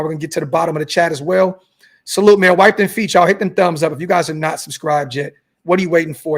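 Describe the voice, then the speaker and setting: Fired-up young man with a high voice. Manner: fired-up, swears, repeats words, reads superchats aloud. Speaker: podcast host reading live chat. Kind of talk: animated sports talk livestream.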